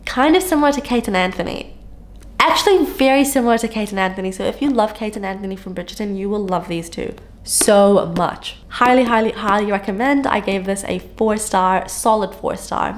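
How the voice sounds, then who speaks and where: A young woman in her late twenties chats about her recent reads in a casual, gushing way, her talk full of "like" fillers. Her voice sits at an ordinary pitch for a woman. She speaks indoors at home into a small on-camera microphone. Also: slight background noise. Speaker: book vlogger. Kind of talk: casual book review chat. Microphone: on-camera shotgun mic.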